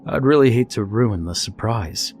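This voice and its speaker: A man's voice: on the low side, expressive, normal speed, a little mellow, soft background music, natural voice. A man voicing a cheerful, overly comfortable male captor who coaxes his prisoner like a proud host cook. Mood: coaxing. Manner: chipper, coaxing, overly comfortable.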